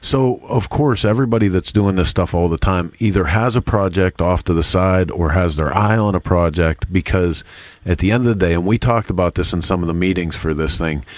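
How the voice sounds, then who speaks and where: Very deep-voiced laid-back host. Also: male voice, brisk, no echo. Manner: relaxed, laid-back, says "dude" and "you know". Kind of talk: casual chat.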